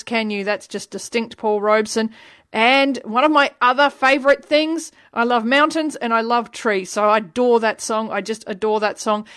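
A woman's voice: on the high side, a bit bright. A woman hosting a radio show, chatting playfully between songs with confiding asides. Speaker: radio host. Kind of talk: casual radio presenting.

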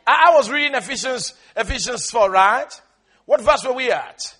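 A male preacher with a strikingly high, bright, husky voice. He preaches emphatically, with lively swings in pitch and loudness, and he calls for responses from the congregation. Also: normal speed. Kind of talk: sermon.

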